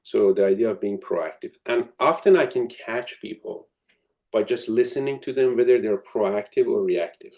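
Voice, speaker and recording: A man's voice: on the low side, normal speed, creaky, a little mellow. A man giving a reflective advice talk to students, full of ums and restarts. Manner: thoughtful, many ums and restarts. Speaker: academic speaking to students. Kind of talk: advice lecture with storytelling.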